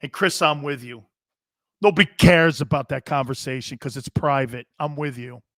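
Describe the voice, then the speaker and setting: A middle-aged man hosting a sports talk show, rambling and telling stories with loud bursts and laughter. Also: mid-range voice, normal speed, no room sound, clean studio sound. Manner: loud, excitable, storytelling with bursts of shouting and laughter.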